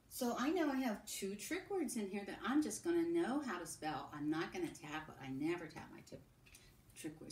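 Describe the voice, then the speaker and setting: A woman teacher giving a recorded phonics lesson to young children, modelling sounds and sentences slowly. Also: mid-range voice, recorded from a distance. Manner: slow, sing-song, drawn-out modelling of sounds and sentences. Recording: echoey room with faint background hum.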